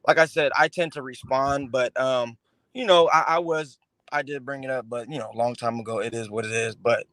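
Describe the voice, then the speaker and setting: A man calling in to a live stream, speaking haltingly with many fillers and repeats. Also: medium pitch, a bit bright, no room sound. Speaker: call-in guest. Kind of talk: casual call-in chat.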